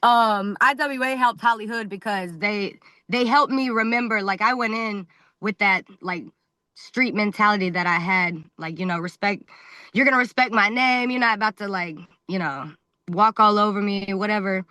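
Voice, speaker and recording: A woman's voice: medium pitch, normal speed, no room sound. A woman wrestler, the guest on a podcast, telling stories in a loose, blunt way that is full of swearing and laughter. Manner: animated, blunt, swears freely, laughs often. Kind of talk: casual storytelling interview.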